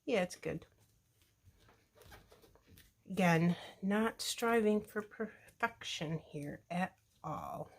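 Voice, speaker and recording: A woman with a fairly low voice narrates a craft project as she works, chatting to her viewers. Her tone is relaxed and a little self-deprecating, and she talks to her viewers as friends. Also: very slow, vocal fry, pauses often. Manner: talks to viewers while working with her hands. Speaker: crafting video host. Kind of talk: casual tutorial narration while crafting.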